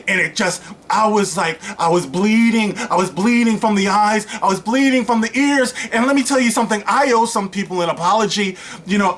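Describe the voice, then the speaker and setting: A man giving casual, rambling commentary to his channel, full of "you know" fillers and bursts of mocking sarcasm. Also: high voice. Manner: animated, mocking, breaks into sarcastic put-on voices. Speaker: YouTube commentator.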